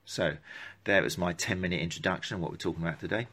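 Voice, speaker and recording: A man talks through a live stream about gait analysis for runners. His voice sits low but comes across bright and forceful. He rambles, breaks off mid-thought and adds chatty asides as he answers viewers. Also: fast talker, husky. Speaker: running gait analysis clinician.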